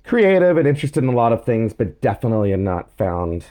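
A man being interviewed as a guest, tired from lack of sleep, thinking aloud in a reflective way with pauses and fillers. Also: mid-range voice, very animated, dark tone. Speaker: podcast guest, music director. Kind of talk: casual interview talk.

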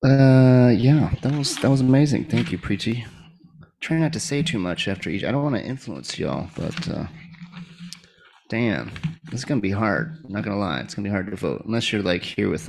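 A man's voice: on the low side, vocal fry, a little hiss or hum. A man hosting a live reading, introducing readers in a loose, joking way with casual fillers. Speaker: host of a reading event.

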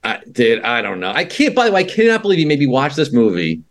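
A man's voice: mid-range voice, wildly swooping pitch, fast talker. Joking man rambling in podcast chat. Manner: joking, rambling with restarts and laughs. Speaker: podcast co-host. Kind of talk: casual film chat.

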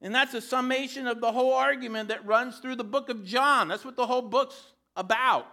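A male preacher with a high, bright voice gives a fairly quick sermon in a steady tone. He keeps it conversational and sprinkles in joking asides.

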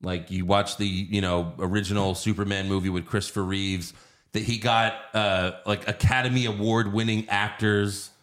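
A man with a fairly low voice holds forth in casual podcast chat about films. He is blunt and profane, animated, and slips into mocking impressions of actors. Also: moderate pace.

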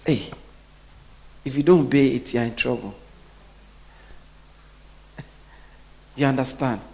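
A man preaching a sermon, often pausing so the congregation can finish his sentences. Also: medium pitch, vocal fry, dark tone. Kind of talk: sermon with call-and-response.

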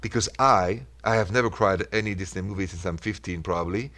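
Low-pitched and fast-talking, with a fairly bright tone and a French accent, the man runs a call-in radio advice show about relationships. His manner is earnest and reassuring, delivered in brief coaching lines.

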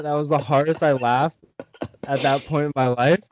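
A man's voice: mid-range voice, level tone, a little fast, darkish tone, no room sound. A young man from Canada hosting a casual chat with friends, telling stories and laughing often with plenty of swearing. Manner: laughing storyteller, lots of swearing. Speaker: host. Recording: dull lo-fi dry sound.

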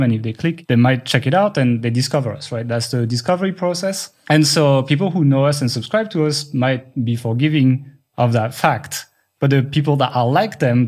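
A man's voice: mid-range voice, a little mellow. A man with a French accent, a non-native English speaker co-hosting a podcast, explaining at length in casual chat. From France. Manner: rapid talker who explains at length. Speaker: podcast co-host.

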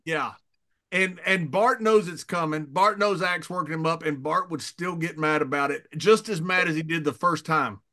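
A man's voice: fairly high pitch, normal speed. A man co-hosting a podcast, telling stories in a casual chat and laughing often. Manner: laughs often, animated storytelling. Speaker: podcast co-host.

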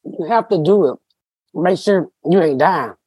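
A woman's voice: lowish voice, measured pace, dark tone, slightly rough, no echo, muffled recording. A woman hosting a casual comedy podcast who roasts people bluntly and crudely, sometimes talking while eating. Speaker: podcast host.

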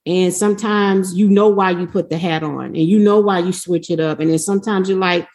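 Woman, panel guest, emphatic, conversational, mid-pitched voice. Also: fairly even intonation, a little fast, hardly any pauses, darkish tone. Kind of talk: panel discussion.

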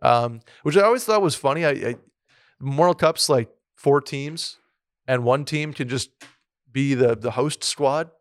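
A man co-hosts a laid-back sports podcast, wandering through his thoughts with plenty of restarts and "like"s. His voice sits at a middle pitch, and the studio mic sound is close and dry, with no room behind it. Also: a little slow, no room sound. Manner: rambling, many restarts and fillers. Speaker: podcast co-host. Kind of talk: casual sports podcast chat.

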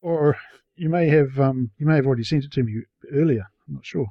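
A man in a casual chat, talking quickly and a little unsure of himself, heard over a dull lo-fi recording. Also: medium pitch, no echo. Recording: dull lo-fi sound.

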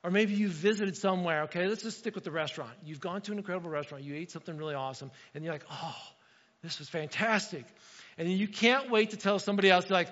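A man delivers a conversational sermon with a high, bright voice, checking in with listeners and playing out small dialogues. His voice carries a long church-hall reverb over a somewhat muffled recording. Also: quick pace. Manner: conversational, asks the room "right?" often, acts out little dialogues. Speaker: pastor. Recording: dull, reverberant hall sound.

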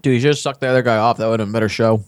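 A man's voice: mid-range voice, fairly even intonation, rapid-fire, dry recording, clean studio sound. A young man co-hosting a podcast, firing off provocative teasing jokes in casual banter. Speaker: podcast co-host.

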